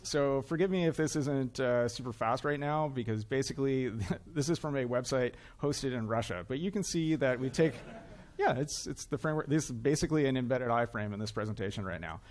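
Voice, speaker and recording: A Canadian conference speaker with a mid-range, somewhat dark voice talks briskly and expressively. He's on stage in a conference hall delivering a joke-filled tech talk to a live audience, chatty, self-mocking, and full of uhs.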